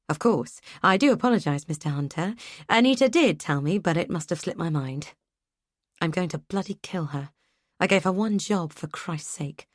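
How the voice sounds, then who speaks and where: A woman narrating a first-person thriller audiobook in a brisk, tense way. Her voice sits on the low side and is recorded close on a studio mic. The sound is dry, with no room echo.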